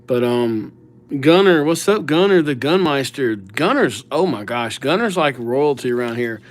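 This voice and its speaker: A man's voice: mid-range voice, lively intonation, a little slow. A man chatting casually on a live stream, reading out viewers' names as he writes them and thanking subscribers. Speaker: livestreamer writing viewers' names.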